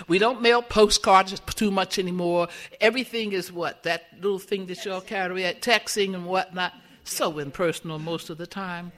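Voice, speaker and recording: A woman preaches in a loose, chatty way and keeps asking the congregation questions. Her voice is bright and clear, at a middle pitch for a woman. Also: normal speed. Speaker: church speaker. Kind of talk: sermon.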